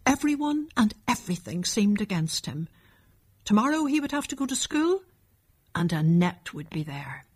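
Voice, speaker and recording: A woman narrating a children's storybook in a calm, measured reading. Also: mid-range voice, breathy edge.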